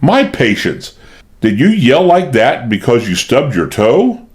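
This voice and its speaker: A man voicing an irritable, sharp-tongued elderly mistress of the house in an audiobook. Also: medium pitch, wildly swooping pitch, unhurried. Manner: tart, impatient. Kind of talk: audiobook character voice.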